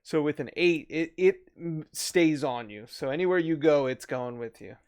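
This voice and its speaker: A man narrating a tabletop game as dungeon master, relaxed and halting, with many fillers. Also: a little high, smooth, dry recording, studio quality.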